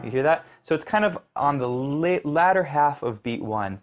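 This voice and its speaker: Encouraging male piano teacher, mid-pitched. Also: lively intonation, normal speed, hardly any pauses. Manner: encouraging, explains step by step, counts beats aloud. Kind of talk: instructional lesson. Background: piano playing.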